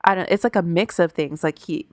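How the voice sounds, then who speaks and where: A woman's voice: lowish voice, brisk, darkish tone, dry recording. A woman co-hosting a podcast, telling a story in casual chat, loose and profane, with plenty of "like" fillers. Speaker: podcast co-host.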